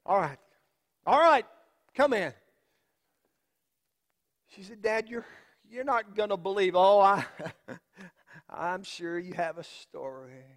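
A man playing Mary's middle-aged father, telling the story in an earnest, halting first-person monologue. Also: sits high, lively intonation, fairly bright tone, long reverb tail, exaggerated voice. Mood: awed storytelling. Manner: slow, emphatic, with halting repeats and long pauses.

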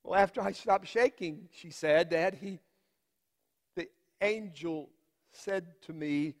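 A man playing Mary's middle-aged father, telling the story in an earnest, halting first-person monologue. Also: sits high, big-room sound. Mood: awed storytelling. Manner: slow, emphatic, with halting repeats and long pauses.

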